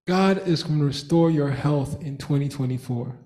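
A man's voice: on the high side, moderate pace, dark tone. A man preaching a sermon in church, fervent, repeating phrases and breaking into laughter. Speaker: pastor.

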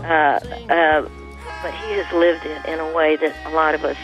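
A woman, a guest singer on a radio interview, speaking in halting phrases with frequent restarts. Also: low-pitched, flat delivery, highs cut off, over music. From American South.

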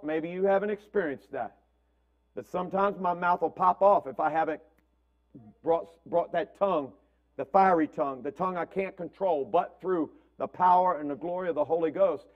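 High-voiced pastor asking "right?". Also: male voice, phone-quality sound. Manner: asks "right?" constantly, repeats words, acts out family quotes. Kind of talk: conversational sermon teaching.

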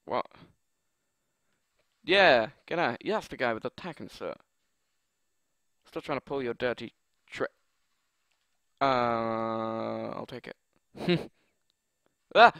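A young man talks over his own gameplay at a slow, drawn-out pace, trading jokes and mutters with himself as opponents annoy him. His voice sits at an ordinary middle pitch. The recording is dry and close, with no room sound around it. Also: animated, gravelly, a bit bright, no echo. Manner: joking, muttering, exasperated at opponents. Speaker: gaming commentator. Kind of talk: live gameplay commentary.

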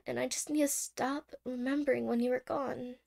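A woman voicing a clingy, anxious young girlfriend in a whispered role-play, soft-spoken, stammering and apologetic. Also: sits high, steady tone, normal speed, creaky. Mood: anxious, teary. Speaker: ASMR role-play creator.

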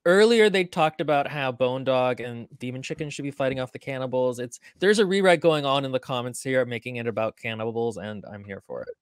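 A woman's voice: rumbling low, brisk, few pauses, dry recording, studio quality. A woman co-hosting a book podcast in casual chat, reading out viewer comments between her own remarks. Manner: reads out viewer comments, chatty with fillers.

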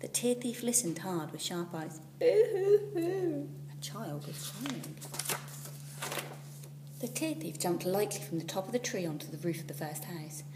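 A woman teacher reading a children's storybook aloud, expressive and at times dropping to a whisper. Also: fairly low pitch, moderate pace. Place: school classroom. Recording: echoey room, far from the mic, faint hum.

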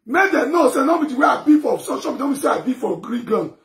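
A man with a Nigerian Pidgin accent ranting emphatically to camera, often breaking into shouts. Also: very high-pitched, very animated, fast talker. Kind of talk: impassioned rant to camera.

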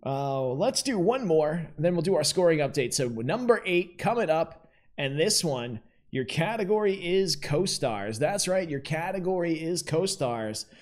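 A man's voice: on the high side, sing-song, normal speed. A man hosting a live-streamed trivia game show, chatty and upbeat, talking straight to the players in the chat.

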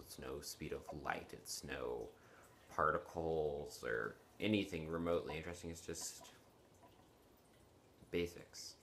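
A young man in his late teens vlogs casually to camera from his bedroom at home, tired and yawning, rambling apologetically with plenty of fillers and restarts. His voice rumbles low with a fairly bright tone, and there is slight background noise.

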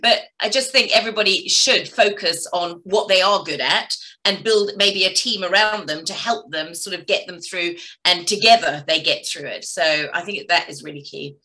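A woman's voice: fairly low pitch, normal speed, few pauses, pushed and bright. A woman hosting an interview, speaking in a thoughtful, conversational way. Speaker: interview host. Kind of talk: casual interview chat.

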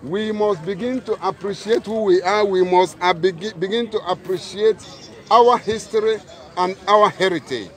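A man's voice: high-pitched, moderate pace, a bit bright. A man giving a declamatory, rousing speech at a street protest. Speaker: protest speaker. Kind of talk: rally speech. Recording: crowd noise outdoors.

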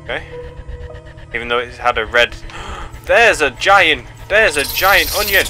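A man's voice: fairly high pitch, a little slow, over music. A young man giving let's play commentary, yelping and pleading with the game as he plays. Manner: excitable, yelps and pleads at the game. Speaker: gaming channel host.

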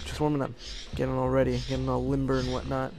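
A man giving casual, excitable gameplay commentary, prone to frustrated outbursts and slang. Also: medium pitch, fast, vocal fry, faint music behind. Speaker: let's play gamer.

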